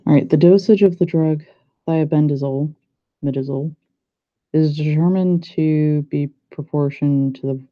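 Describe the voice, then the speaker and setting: A young man, a pharmacy student, thinking aloud as he works through practice problems and doubts himself. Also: fairly high pitch. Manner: muttering to himself, unhurried, self-doubting. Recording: muffled lo-fi recording.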